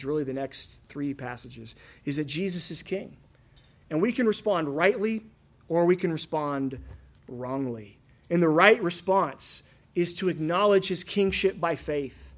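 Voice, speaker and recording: Earnest man in his thirties preaching. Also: a little high. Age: 30s. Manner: earnest storytelling, rhetorical questions, swings between loud and hushed. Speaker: pastor. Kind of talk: sermon.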